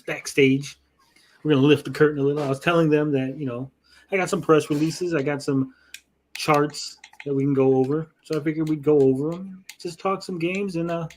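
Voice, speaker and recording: A man's voice: fairly high pitch, a little hiss or hum. A man hosting a casual live gaming-news stream, loose and joking and swearing freely. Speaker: host.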